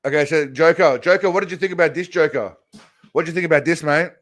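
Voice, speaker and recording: A man's voice: a little high, fast talker, a bit bright. A man hosting a casual reaction show, rambling and swearing heavily as he comments on clips. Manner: crude, rambling, heavy swearing. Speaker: host reacting to videos.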